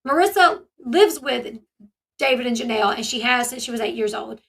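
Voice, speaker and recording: A woman's voice: fairly high pitch, animated, normal speed, creaky, fairly bright tone, husky. A woman hosting a commentary channel, talking casually and animatedly, retelling events and acting out the people she quotes.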